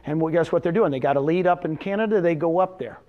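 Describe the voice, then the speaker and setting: Animated man giving a motivational seminar. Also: fairly high pitch, fast talker, lo-fi sound. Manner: animated, asks the audience questions and answers them himself. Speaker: presenter at a real estate seminar.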